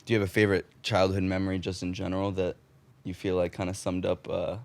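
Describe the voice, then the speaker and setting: Low, flat-voiced male interviewer. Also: quick pace, vocal fry. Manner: easygoing, asks follow-up questions. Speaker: interviewer, host. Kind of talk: casual interview questions.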